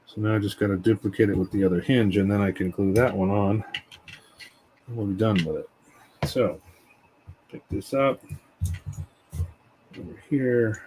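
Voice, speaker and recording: A man casually talking through a scale model build as he works, relaxed and rambling. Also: lowish voice, normal speed, long pauses, slight background noise, poor audio. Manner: relaxed, rambling, tells stories while working.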